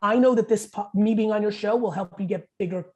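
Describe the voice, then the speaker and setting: A man in his forties talks as a podcast guest, blunt and full of swearing. He tells stories rapid-fire, punching his points home. His voice has a dark, mellow tone. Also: high-pitched. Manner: blunt, profane, rapid storytelling. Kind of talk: casual podcast interview.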